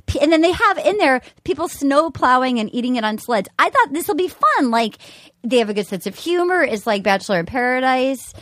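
A woman hosting a podcast, chatting in a gossipy, animated way and laughing often. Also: high-pitched, moderate pace, no room sound, clean studio sound. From New England, US. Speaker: podcast host. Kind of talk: casual chat.

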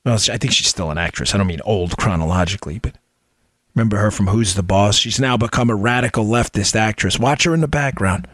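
A man's voice: fairly low pitch, fast, a bit bright, no echo. A middle-aged man hosting a political podcast, delivering an impassioned, emphatic commentary monologue full of rhetorical questions, close on the mic. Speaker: podcast host.

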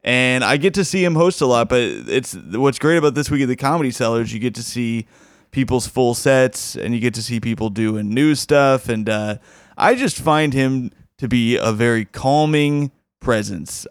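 A man's voice: medium pitch, moderate pace, clean tone, no echo, clean studio sound. A man hosting a comedy podcast, chatting casually and enthusiastically with frequent restarts. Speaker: podcast host. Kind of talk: casual commentary.

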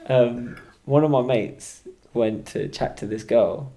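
A man's voice: mid-range voice, slow pace, gravelly, dark tone. Man bantering on a podcast. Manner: banter with quoted asides. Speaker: podcast co-host. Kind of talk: casual chat.

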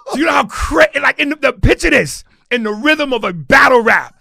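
Animated, gravelly man telling a story. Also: extremely high pitch, moderate pace, dry recording. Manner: energetic, acts out the scenes. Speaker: podcast guest.

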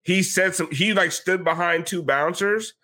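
A man hosts a casual sports podcast, telling rowdy stories in an animated way. His voice is bright and sits a little high, and the swearing flows freely. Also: a little slow. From South Florida. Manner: animated storytelling with profanity. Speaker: podcast host. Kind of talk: casual chat.

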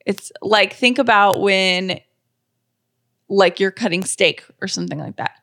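A woman's voice: mid-range voice, a little slow, a bit bright. A woman co-hosting a podcast in casual chat, teasing her co-host playfully.

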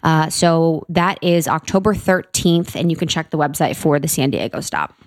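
Podcast co-host, woman, lowish voice, dry close mic, bubbly and enthusiastic. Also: normal speed, no room sound. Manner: upbeat, enthusiastic. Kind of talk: casual chat.

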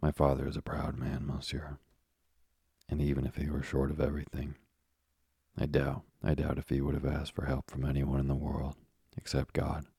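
A man voicing an earnest, courteous young male sailor in an audiobook, with a gravelly, husky voice. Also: very deep voice, monotone, moderate pace, warm tone, no echo, studio quality, heavily acted. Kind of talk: audiobook character reading.

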